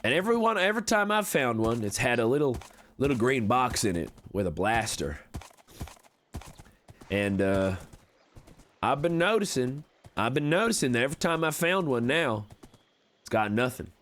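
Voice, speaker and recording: A man's voice: medium pitch, very animated, moderate pace, long pauses, fairly bright tone, slight background noise. A man putting on a folksy Western conman drawl. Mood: scheming. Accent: put-on American Western drawl. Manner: folksy, wheedling salesman patter. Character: slick smooth-talking cowboy conman, adult male. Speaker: streamer in a roleplay series. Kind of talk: live-streamed game roleplay.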